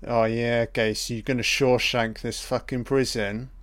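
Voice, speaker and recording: A man's voice: mid-range voice, little pitch movement, unhurried, fairly bright tone. A young man giving a casual, profane reaction commentary, talking back heatedly at the screen.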